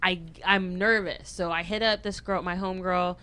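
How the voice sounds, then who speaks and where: A woman's voice: lowish voice, normal speed, clear, resonant tone. A young woman from Long Beach, a podcast guest chatting casually and acting out the people in her story. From Long Beach, California. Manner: animated storyteller, acts out quoted voices. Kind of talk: casual chat.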